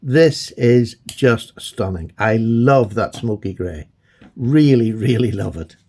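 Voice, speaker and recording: A man chatting excitedly and gushing as he unboxes and admires his new knives. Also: mid-range voice, slow, slightly rough. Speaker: knife collector vlogger. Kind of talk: casual unboxing chat.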